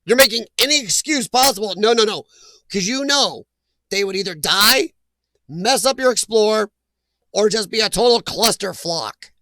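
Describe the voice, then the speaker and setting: A man's voice: sits high, animated, moderate pace, bright, forceful tone, no echo. A man hosting a casual live chat, reading viewer names aloud and laughing often. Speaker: livestream host reading chat.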